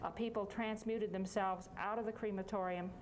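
A woman speaking to an audience, hesitant and filling pauses as she ends her talk. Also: mid-range voice, fairly even intonation, a little hiss or hum.

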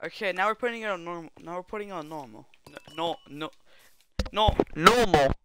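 Bright high-voiced young male streamer. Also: slight background noise. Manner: joking, rambling, quick laughs, mock accents. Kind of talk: casual gaming livestream chat.

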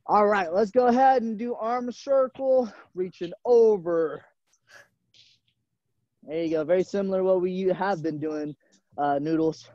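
A man's voice: sits high, unhurried, dark tone, no room sound, highs cut off. A man coaching a live online gymnastics class, encouraging the kids and calling them by nickname. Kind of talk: live virtual fitness class. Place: gym. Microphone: camera mic on a video call.

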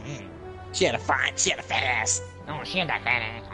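A man's voice: medium pitch, a little fast, over music. A man crudely teasing his friends in casual chat over online game voice chat. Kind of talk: casual roasting among friends. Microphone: headset on online game voice chat.

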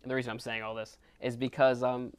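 A man in a casual church retreat discussion, talking in an animated, rambling way full of fillers and restarts. His voice sits at an ordinary middle pitch. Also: fast, clear, resonant tone. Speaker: retreat co-presenter.

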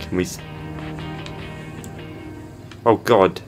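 A man's voice: lowish voice, steady tone, extremely slow, long pauses, over music, a crowd in the background. A young man giving casual gameplay commentary and heckling the game characters. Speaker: gaming channel host.

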